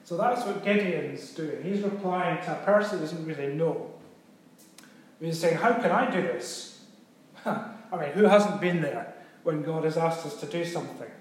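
A man's voice: on the high side, moderate pace. A male pastor giving a sermon in a conversational, teaching way, often checking in with his listeners. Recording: very echoey room.

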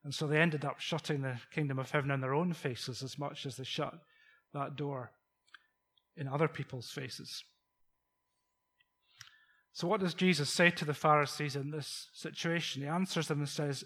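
Husky-voiced preacher. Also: male voice, on the high side, steady tone, moderate pace, pauses often, a bit bright. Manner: conversational, rhetorical questions, chuckles. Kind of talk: sermon.

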